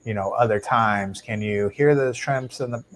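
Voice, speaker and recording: A man hosting a casual live stream about his shrimp tanks, talking into a lapel mic in a home fish room in a relaxed, chatty way with plenty of fillers and restarts. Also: on the low side, normal speed, poor audio. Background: faint hum of aquarium tanks.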